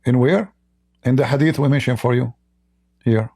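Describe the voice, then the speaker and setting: Gravelly, dark-voiced man losing his voice. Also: mid-range voice. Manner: reads quoted passages slowly, then comments with mockery. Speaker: live stream host. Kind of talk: livestreamed religious debate commentary.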